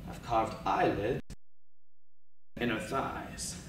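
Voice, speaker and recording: Male competitor, theatrical poetry reading, hushed to soaring, faint room hiss behind. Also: medium pitch. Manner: slow, dramatic, swings from hushed to loud. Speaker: speech and debate competitor. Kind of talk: dramatic oral interpretation of poetry. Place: large event hall. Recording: echoey hall recorded from far off.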